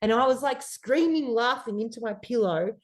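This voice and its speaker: An Australian woman, a podcast guest, telling a story in an animated, rambling way full of fillers. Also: a little high, normal speed. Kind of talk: casual interview storytelling.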